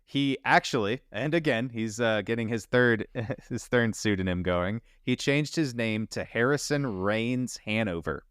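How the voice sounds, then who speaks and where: A man's voice: medium pitch, a little slow, hardly any pauses, fairly bright tone, clear, resonant tone, dry recording, clean studio sound. A man co-hosting a casual podcast, telling a crime story in a loose, laughing way and swearing now and then. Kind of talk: casual chat.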